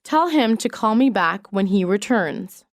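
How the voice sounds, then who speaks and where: A woman reading isolated English practice sentences for a lesson, in a measured, even way. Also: mid-range voice, no echo, clean studio sound.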